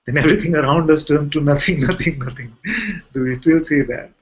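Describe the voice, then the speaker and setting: A man's voice: a little high, fairly even intonation, brisk, slightly rough. A man who is a spiritual teacher, giving a conversational talk to a gathering and often asking rhetorical questions. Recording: muffled lo-fi recording.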